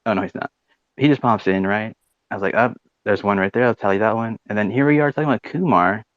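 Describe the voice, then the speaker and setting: A man's voice: on the low side, fast talker, no room sound, highs cut off. A man hosting a live audio chat room, rambling casually with lots of fillers and swearing. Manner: rambling, swears, many fillers like "you know" and "right".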